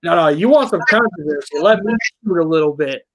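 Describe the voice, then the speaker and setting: A man hosting a backyard wrestling talk show, cutting a brash, mocking promo that swings between mumbled asides and shouts. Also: fairly high pitch, animated, brisk, no echo, rough recording. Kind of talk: trash-talking wrestling promo.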